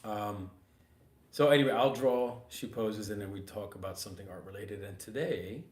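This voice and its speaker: A man hosting a casual art podcast in an art supply store, slightly hoarse from getting over losing his voice, talking in an easygoing, rambling way. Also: on the low side, normal speed. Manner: easygoing, rambling, many fillers. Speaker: podcast host. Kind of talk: casual chat. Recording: roomy store with faint ambient noise.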